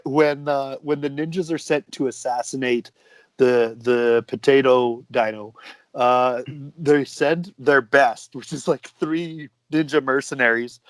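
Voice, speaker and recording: Male podcast co-host, middle pitch, chatty and quick to laugh, dry sound. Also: steady tone, dry recording. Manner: laughs often, reads out quotes. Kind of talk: casual movie review chat.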